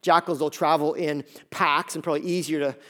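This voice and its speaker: A male pastor preaching a sermon, retelling a story in a lively, joking way and acting out the characters' lines. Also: on the high side, brisk. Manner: lively storytelling, acts out voices.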